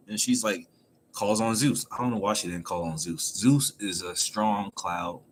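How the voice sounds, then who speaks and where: A man's voice: fairly low pitch, moderate pace, slight background noise. Laughing man recapping a comic chapter. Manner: animated, laughs often, acts out quotes. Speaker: anime chapter reviewer, streamer. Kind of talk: casual chapter recap on stream. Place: home room.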